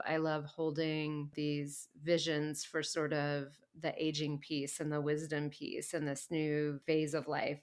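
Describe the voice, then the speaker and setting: A middle-aged woman co-hosting a podcast interview, chatting casually, emotional and quick to laugh as she rambles through her stories. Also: low voice. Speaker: podcast co-host.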